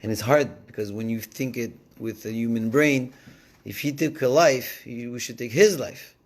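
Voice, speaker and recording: A man giving a casual Torah lesson, telling the story in an animated way and switching between languages. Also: medium pitch, moderate pace. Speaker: Torah teacher.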